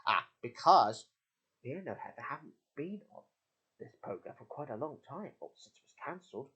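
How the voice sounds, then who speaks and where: A man's voice: mid-range voice, sing-song, moderate pace, sharp tone, slightly rough, lo-fi sound. A man hosting a homemade puppet show, talking in a rambling way with many slips and restarts. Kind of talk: casual chat.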